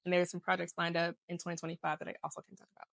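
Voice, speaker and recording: Speaking very fast in a lowish, gravelly voice with a fairly bright, level tone, this woman co-hosts a podcast. Her talk is a casual chat about work and life, full of laughter and tangents, recorded with no room sound.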